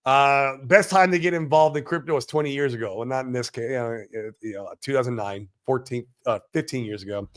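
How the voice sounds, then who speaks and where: A man hosting a casual crypto livestream, brash and profane, swinging between loud hype and mumbled asides as he reads chat comments. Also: medium pitch, a little fast, hardly any pauses.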